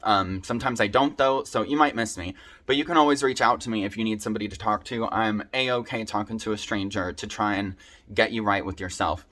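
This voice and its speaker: A man's voice: fairly low pitch, brisk, bright, forceful tone. A young man speaking earnestly and from the heart to his viewers, sharing advice from his own experience in a personal video. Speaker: vlogger sharing his recovery story. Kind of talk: personal advice talk to camera.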